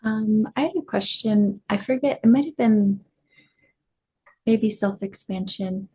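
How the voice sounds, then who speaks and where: A woman's voice: mid-range voice, a little slow, darkish tone, husky, lo-fi sound. A woman co-hosting an online satsang, hesitantly relaying questions from the chat.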